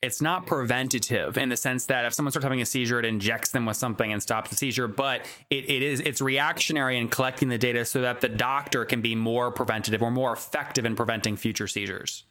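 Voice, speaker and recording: Man, host, quick, bright voice, direct questions. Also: medium pitch, fairly even intonation. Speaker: podcast host. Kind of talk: interview questions.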